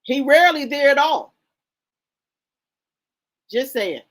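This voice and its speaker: Sassy, high, lively woman commentator. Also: slow. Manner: sassy, indignant, repeats herself. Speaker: gossip channel host. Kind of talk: casual commentary reading posts aloud.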